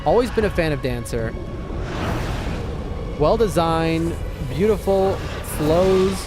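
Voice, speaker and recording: A man streams a game live, reacting to the action and reading his chat aloud in a chatty, casual way. His voice is a little high and he takes his time speaking, all over loud game music.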